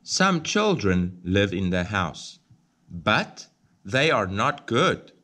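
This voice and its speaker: A man reading a children's picture book aloud, slow, clear and expressive. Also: on the low side. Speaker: storybook reader.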